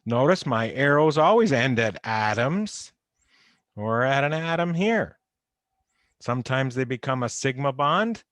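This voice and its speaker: A man gives a chemistry lecture over a video call, talking plainly and conversationally. He repeats his key points and leans on his warnings. His voice sits at a middle pitch, close and dry, with no room sound around it. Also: fairly bright tone, dry recording. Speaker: chemistry teacher. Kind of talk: recorded online lecture. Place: home or office on a video call. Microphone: computer microphone.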